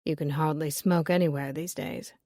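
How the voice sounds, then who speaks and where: A woman's voice: low-pitched, fairly even intonation, moderate pace, warm tone, dry recording, studio quality, voice pushed down. A woman voicing a blunt, chain-smoking shop owner. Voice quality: raspy smoker's voice. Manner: blunt, offhand.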